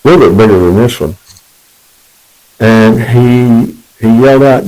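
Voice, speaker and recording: A man's voice: medium pitch, a little slow, long pauses, dark tone, poor audio. A man telling his personal testimony in a rambling, conversational way, correcting himself as he goes.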